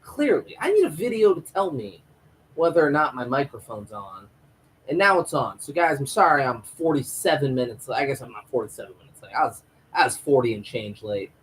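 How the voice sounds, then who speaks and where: A man of middle pitch riffs through a casual live stream recap, swearing freely and wandering off on rants. His delivery is fired-up and loose, spoken into a home microphone with a faint hiss behind him. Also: animated, brisk, a bit bright, rough recording. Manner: profane, rambling, fired-up. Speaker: host of a live TV episode review stream. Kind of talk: casual live review rant.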